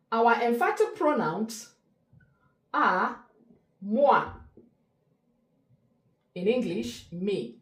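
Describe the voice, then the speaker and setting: Slow, deliberate woman French tutor. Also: a little high, echoey room. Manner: slow, deliberate teaching delivery, spelling out word pairs. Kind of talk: explanatory language lesson.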